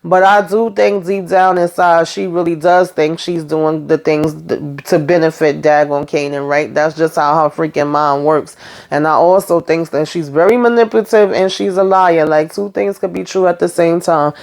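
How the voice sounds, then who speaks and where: Brief: woman vlogger with a deep voice, slangy, relaxed TV recap that acts out the dialogue. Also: normal speed, gravelly. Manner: chatty, slangy, retells scenes acting out the lines. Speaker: TV recap host. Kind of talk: casual episode recap.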